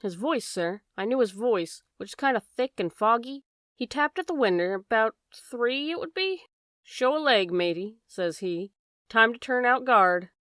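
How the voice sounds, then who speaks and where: A woman's voice: on the high side, lively intonation, a little slow, fairly bright tone, no room sound, studio quality. A woman voicing a worried, chatty working-class boatman's wife in an audiobook reading. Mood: fretful. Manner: chatty, plain-spoken, dropped endings.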